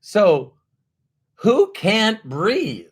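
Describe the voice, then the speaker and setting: A man's voice: high-pitched, wildly swooping pitch, very slow, husky. A man giving a conversational motivational talk who acts out the voices of doubters. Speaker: motivational speaker.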